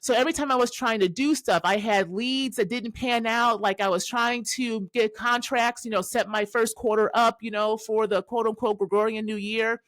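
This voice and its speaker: A woman's voice: fairly high pitch, steady tone, moderate pace, hardly any pauses, fairly bright tone, no echo. Candid, laughing woman storyteller, dry sound. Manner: candid, profane, laughs often mid-story; addresses listeners directly, tags lines with "right?". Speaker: podcast host and astrologer. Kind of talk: casual storytelling monologue.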